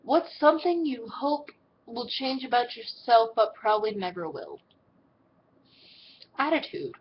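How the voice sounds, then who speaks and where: A teenage girl with a twang and a fairly high voice, answering fan questions in a casual home vlog. She talks bluntly, swears freely and slips into quick put-on voices when quoting people. The recording is a little dull and has a faint hiss under it. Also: animated. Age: teens. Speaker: vlogger answering viewer questions.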